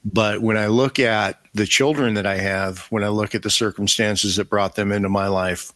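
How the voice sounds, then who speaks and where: A man's voice: on the low side, steady tone, normal speed, a bit bright. A man as a podcast guest, speaking reflectively about faith and thinking aloud as he goes. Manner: reflective, thinks aloud with restarts and "you know". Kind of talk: casual faith conversation.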